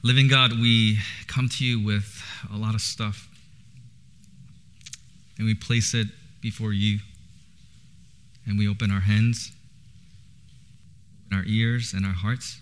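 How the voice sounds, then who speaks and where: A man's voice: lowish voice, fairly even intonation, unhurried, pauses often, slight background noise. A man in his thirties preaching in church, casual and chatty, with a lot of laughter. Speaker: pastor. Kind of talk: sermon with personal stories.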